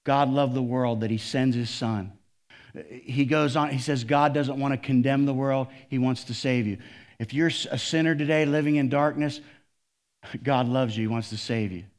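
A man preaching from the pulpit in an animated sermon. His voice sits at an ordinary middle pitch. He drops low and soft, then climbs loud and high for emphasis. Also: normal speed. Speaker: pastor.

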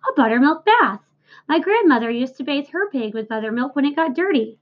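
A woman's voice: sits high, animated, fairly quick. A woman voicing a determined farm wife who speaks with emphatic insistence. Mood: insistent. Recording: dull lo-fi recording.

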